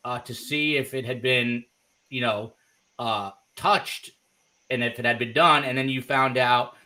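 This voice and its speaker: A man's voice: mid-range voice, pushed and bright. A man hosting a podcast interview who asks loose, friendly questions full of fillers. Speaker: podcast host. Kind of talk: casual interview chat.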